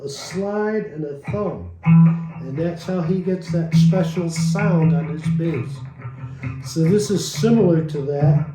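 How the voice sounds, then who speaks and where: A man giving a casual guitar lesson, explaining in a slow, halting way with many restarts. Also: fairly high pitch, warm tone, reverberant, poor audio. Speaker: guitar teacher. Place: recording studio. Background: guitar playing.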